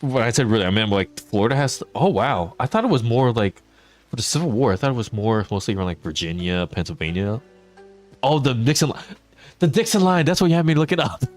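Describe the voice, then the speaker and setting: A man's voice: medium pitch, expressive, quick pace, soft background music. Chatty Connecticut man, rambling streamer talk. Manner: rambling, chatty, laughs often, answers chat. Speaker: gaming streamer. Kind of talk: casual gaming stream chat.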